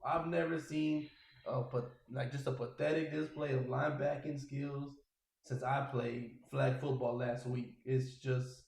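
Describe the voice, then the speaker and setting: A man hosting a casual sports podcast, ranting in an exasperated, animated way. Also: mid-range voice, measured pace, vocal fry, roomy sound, rough recording. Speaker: podcast host.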